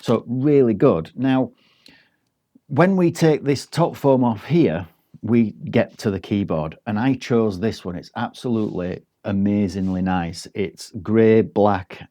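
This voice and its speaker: A man's voice: lowish voice, mellow. A man giving a casual, rambling product review, with frequent ums and restarts. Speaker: tech reviewer.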